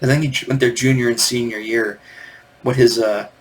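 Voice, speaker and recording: A man's voice: medium pitch, fairly even intonation, brisk. A man in his fifties from Michigan, hosting a podcast in a rambling, digressive monologue full of fillers. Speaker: podcast host. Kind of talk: casual nostalgic monologue.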